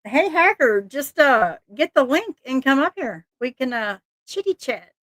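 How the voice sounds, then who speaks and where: High-pitched lady hosting a live chat stream, excitable and rambly, dry close sound. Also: unhurried, dry recording. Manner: excitable, laughs often, rambling. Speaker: livestream host.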